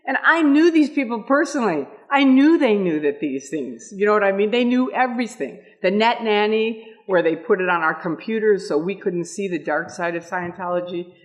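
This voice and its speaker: A woman's voice: medium pitch, normal speed, hardly any pauses. A woman in her sixties telling stories at a meetup, with lots of laughter and acted-out quotes. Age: 60s. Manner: lively, laughing, acts out quotes. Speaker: ex-member speaking at a meetup. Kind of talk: animated storytelling talk.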